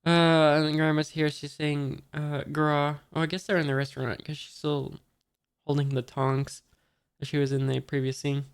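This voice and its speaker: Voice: medium pitch, level tone, normal speed, smooth. A person casually reading a comic chapter aloud, stopping often and forgetting the characters' names. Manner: reads quotes in a near-plain voice. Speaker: manga reader.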